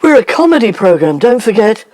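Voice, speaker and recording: A man voicing a sensible, homely middle-aged woman, speaking gently and matter-of-factly. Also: sits high, sing-song, brisk. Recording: heavy background hiss.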